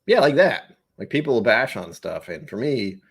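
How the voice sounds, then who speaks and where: A man's voice: medium pitch, big pitch swings, normal speed, gravelly, husky. A young man hosting a casual whiskey livestream, chatting to viewers in a rambling, jokey way. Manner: rambling, jokey, talks to chat viewers by name. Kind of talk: casual live-stream chat reading comments.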